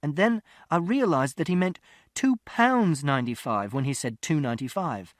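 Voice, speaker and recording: A man's voice: a little high, lively intonation, moderate pace, no room sound, clean studio sound. A man narrating an audiobook in the first person, with a precise, literal, methodical delivery.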